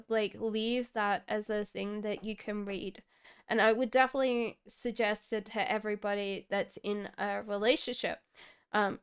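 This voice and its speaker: A woman's voice: on the high side, clean tone. An Australian woman giving tarot readings on a live stream, chatty with many fillers and frequent laughs. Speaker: tarot reader.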